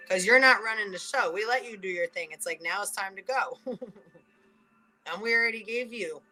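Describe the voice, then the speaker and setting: A woman hosting a casual spiritual reading, chatting and laughing between thoughts, swearing casually and slowing down to read card messages aloud. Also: mid-range voice, pushed and bright, soft background music, poor audio. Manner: reads oracle card messages aloud slowly. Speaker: spiritual reader and channel host.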